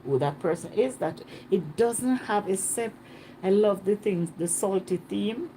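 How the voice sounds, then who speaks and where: A woman chatting casually in a travel vlog, animated and repeating herself for emphasis, recorded on a phone outdoors. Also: mid-range voice, unhurried, a little hiss or hum. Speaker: travel vlogger. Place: outdoors on a Caribbean island.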